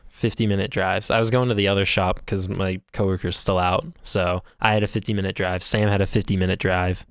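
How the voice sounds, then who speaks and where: Brief: man, lowish gravelly voice, rambling storyteller on a podcast, dry close sound. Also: no room sound. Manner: rambling storyteller, laughs often, swears casually. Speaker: podcast co-host. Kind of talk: casual chat.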